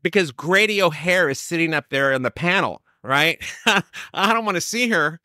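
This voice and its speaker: A man from California, older, telling his recovery story in a lively, storytelling way, acting out what others said. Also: on the high side, normal speed, dry recording, clean studio sound. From Sacramento, California. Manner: storytelling, animated, quoting others. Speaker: recovery speaker.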